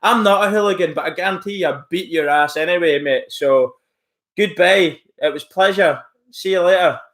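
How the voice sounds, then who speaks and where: A man's voice: high voice, moderate pace, fairly bright tone. A man live-streaming from home, rambling casually as he reacts to chat messages and mocks a troll. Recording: roomy echo.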